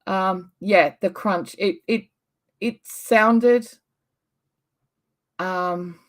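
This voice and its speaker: A woman hosting a casual livestream, chatting with viewers and answering their comments in a relaxed, rambling way with frequent ums. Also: lowish voice. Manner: unhurried with frequent ums and small laughs. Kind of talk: casual live-stream chat.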